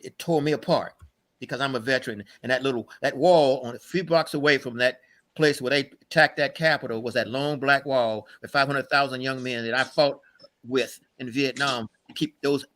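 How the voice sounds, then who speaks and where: A man's voice: mid-range voice, pushed and bright. An older man being interviewed as a guest, telling personal stories in an earnest, emphatic, rambling way. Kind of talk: conversational storytelling.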